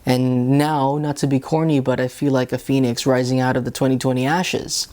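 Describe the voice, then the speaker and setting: A man's voice: mid-range voice, flat delivery, normal speed, a little mellow. Earnest man giving a Bible reflection. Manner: earnest, conversational, with many restarts. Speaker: lay reflection host.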